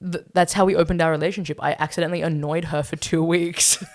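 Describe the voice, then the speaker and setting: A woman, co-hosting a podcast and telling an animated story in casual chat with frequent laughs. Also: deep voice, fast talker. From Australia. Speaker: podcast co-host.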